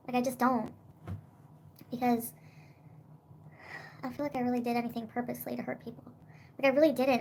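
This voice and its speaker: A woman's voice: fairly high pitch, slight background noise. A young woman livestreaming, rambling in casual chat with lots of "like" and swearing.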